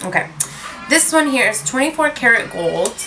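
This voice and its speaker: Her voice a little high with big pitch swings, a beauty vlogger reviews lipsticks at a moderate pace over music, recorded roughly. She chats casually and ramblingly from her room, poking fun at herself and mixing in Spanish words.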